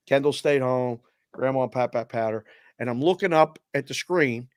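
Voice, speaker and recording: A middle-aged man hosts a sports betting show with an easygoing, animated delivery, acting out conversations as he tells a story. His voice sits at an ordinary pitch. The sound is dry and close, with no room around it. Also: normal speed, dry recording. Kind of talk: casual sports talk.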